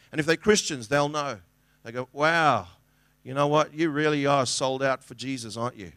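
A man's voice: medium pitch, normal speed, fairly bright tone, no echo, studio quality. A middle-aged man preaching a sermon as a pastor, in a conversational, earnest way with restarts and acted-out quotes.

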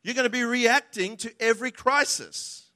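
A man's voice: very high-pitched, normal speed, sharp tone. A man preaching a sermon emphatically, acting out the voices he quotes.

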